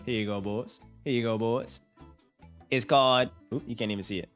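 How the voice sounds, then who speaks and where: A man's voice: mid-range voice, steady tone, brisk, a bit bright, faint music behind. A man hosting a casual live stream, hyped and slangy, talking to his chat. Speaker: finance streamer.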